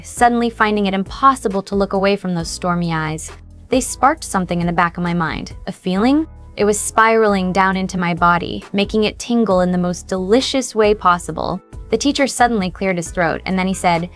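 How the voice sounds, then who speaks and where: A woman reading a first-person story aloud in an even storytelling manner. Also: mid-range voice. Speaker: narrator. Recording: faint background music.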